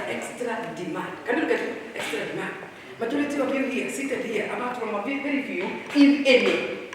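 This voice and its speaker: A woman giving a lively workshop talk to staff at a retreat, teasing and quizzing her audience. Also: on the high side, a little hiss or hum. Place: large hall with an audience. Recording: echoey hall, distant mic.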